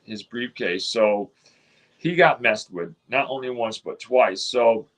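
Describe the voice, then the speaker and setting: A man's voice: medium pitch, slow, poor audio. A man, telling a long story in a casual interview, rambling with many restarts and quoted dialogue. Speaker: interview guest.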